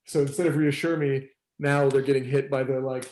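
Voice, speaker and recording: A man facilitating a circling group, talking in a relaxed, rambling way with many fillers and laughs. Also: medium pitch, a little fast, echoey room. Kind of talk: casual teaching talk.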